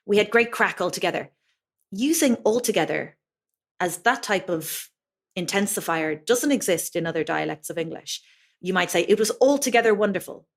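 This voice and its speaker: A woman's voice: lowish voice, a bit bright. Irish woman explaining like a teacher. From Ireland. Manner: explanatory, gives many examples in a teacherly way. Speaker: guest, Irish language teacher. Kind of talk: conversational interview.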